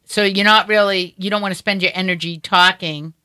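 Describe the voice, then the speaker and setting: A woman's voice: medium pitch, fairly even intonation, fairly quick, pushed and bright. Chatty Boston woman hosting a talk show. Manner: chatty, rambling with many restarts and fillers. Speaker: host. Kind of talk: casual interview chat.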